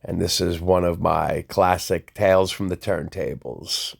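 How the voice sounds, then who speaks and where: Deep gravelly New storyteller man. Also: measured pace. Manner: animated anecdote, acts out quoted voices. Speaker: DJ telling a personal story. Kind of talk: casual storytelling.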